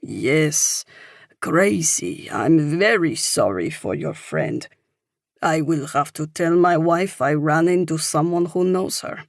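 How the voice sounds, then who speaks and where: A kindly older Frenchman, as a woman narrator puts him on, speaks halting English with a thick French accent, stopping to search for words. His voice sits low and sounds a little removed from the narrator's usual tone. The recording is dry and close. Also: lively intonation, gravelly, no echo, full character voice. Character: friendly older French man.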